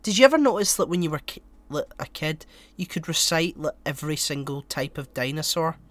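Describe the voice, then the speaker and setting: A man's voice: on the high side, lively intonation, a little fast, fairly bright tone, slight background noise. A man co-hosting a podcast in casual chat, joking at his own expense and swearing casually, with a sore, coughing throat. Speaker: podcast co-host.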